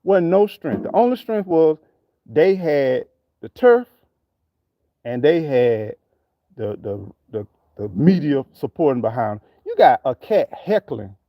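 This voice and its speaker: Fired-up man ranting, high and lively. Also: no room sound, muffled recording. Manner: preachy, repetitive, street slang. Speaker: channel host. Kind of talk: impassioned commentary.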